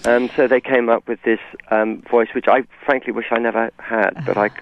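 An English author with a received pronunciation accent speaks as a guest on a radio interview, articulate and discursive, often restarting his sentences. His mid-range voice barely moves in pitch and carries vocal fry at a moderate pace. The recording is dry, coming over a tinny phone line.

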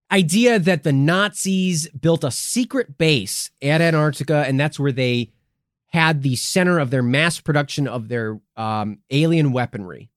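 A man's voice: fairly high pitch, a little slow, no echo, studio quality. A man co-hosting a comedic conspiracy podcast, teasing and mock-dramatic, swearing often. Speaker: podcast co-host.

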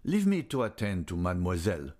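A man reading aloud and voicing a polite theatre doctor who speaks slowly and soothingly. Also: deep voice, huge pitch swings, darkish tone.

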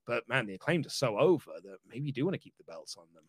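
A man's voice: mid-range voice, very animated, quick pace, breathy edge, no echo. Rambling man on a dry-sounding podcast. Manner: thinks aloud, rambling with restarts and laughs. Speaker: podcast co-host. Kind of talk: casual wrestling podcast chat.

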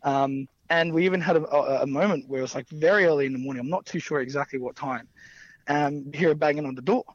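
A man's voice: on the high side, fast talker, no echo. A young man telling casual stories as a wrestler guest, rambling with fillers and frequent laughter. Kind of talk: casual anecdotal storytelling. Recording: dull lo-fi dry sound.

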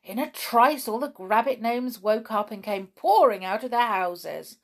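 A woman reading a children's story aloud in a gentle, measured way. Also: on the high side, lively intonation.

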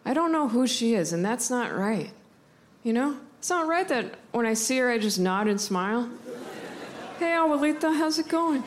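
A young American woman doing self-mocking stand-up comedy on a live stage, chatty and quick to switch into voices. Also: on the high side, expressive, slight background noise. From United States. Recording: live club mic with loud crowd.

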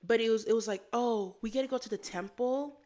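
A young woman from Florida, a podcast guest in casual interview chat, telling animated stories with acted-out quotes. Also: fairly high pitch, brisk. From Florida, USA.

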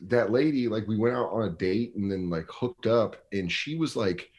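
A man's voice: on the low side, moderate pace, dull audio. A young man, a comedian guest, telling stories casually on a podcast and acting out the quotes. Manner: animated storyteller acting out quotes.

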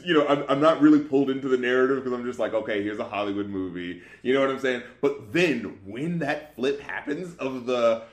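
A man's voice: mid-range voice, fairly quick, few pauses. Laid-back man in a roomy space. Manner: laid-back, joking, laughs often. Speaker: podcast co-host. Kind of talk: casual film review chat. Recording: roomy echo.

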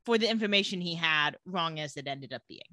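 Lively bright-voiced woman recapping a show. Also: low voice, no echo, studio quality. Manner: animated, acts out character lines in quick voices. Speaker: podcast co-host recapping a TV show. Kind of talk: casual recap chat.

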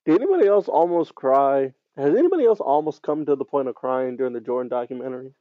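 A relaxed man co-hosts a podcast in a mid-pitched voice and often trails off softly. His sound is a little dull and lo-fi, and it is dry, with no room echo. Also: quick pace. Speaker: podcast co-host. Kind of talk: casual chat. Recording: slightly dull, lo-fi.

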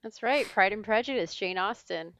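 A woman hosting a trivia podcast, reading clues in a brisk, wry way. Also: mid-range voice, fairly bright tone, no room sound. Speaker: quiz host. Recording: slightly dull lo-fi sound.

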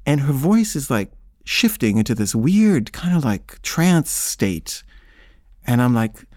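Lively, rambling male storyteller. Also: mid-range voice, slow, no room sound, studio quality. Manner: rambling and conversational, with frequent filler words. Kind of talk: casual first-person storytelling.

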